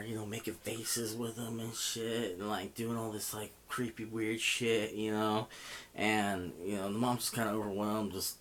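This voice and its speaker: Low-voiced man telling a rambling profane story. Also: fairly bright tone, a little hiss or hum. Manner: profane, rambling, heavy with fillers. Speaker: vlogger. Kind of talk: casual storytelling.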